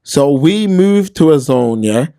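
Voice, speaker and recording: A man's voice: a little high, expressive, slow, dark tone, smooth, no room sound, studio quality. A man co-hosting a casual talk show, telling stories animatedly and acting out the voices he quotes. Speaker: podcast co-host. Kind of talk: casual discussion.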